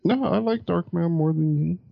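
A man's voice: fairly high pitch, measured pace, gravelly, no echo. A man on a casual movie podcast, stubborn and wry in his jabs. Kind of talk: casual chat about movies. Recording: dull lo-fi sound.

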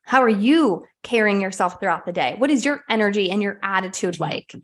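A woman gives a motivational podcast talk in a candid, energetic way, with the odd casual swear. Her pitch sits in an ordinary middle range for a woman. She is speaking from her home. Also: fairly quick. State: sweaty and a bit winded. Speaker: podcast host. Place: at home, puppy in the room.

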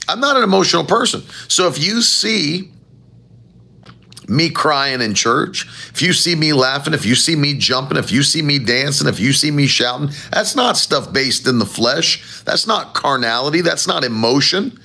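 A man preaching a sermon as pastor, with animated, emphatic rising phrases and a gravelly voice. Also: on the high side, moderate pace.

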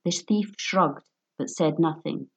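A woman reading a story aloud in a measured, even narration. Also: low voice, breathy edge.

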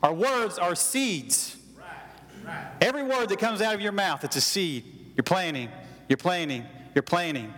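Man, pastor, folksy sermon, high voice, long reverb. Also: animated, a little slow, fairly bright tone. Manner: folksy storytelling, calls for audience response. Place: church hall.

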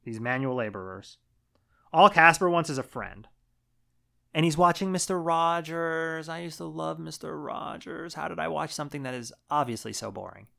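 A man co-hosting a podcast, casually recapping a movie with a laid-back manner, swearing now and then and trailing off quietly. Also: a little high, moderate pace, vocal fry. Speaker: podcast co-host.

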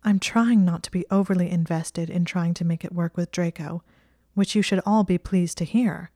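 A woman's voice: lowish voice, moderate pace, warm tone, no room sound, studio quality, close to an everyday voice. A woman voicing a stubborn, anxious young witch who is defensive and tearful.

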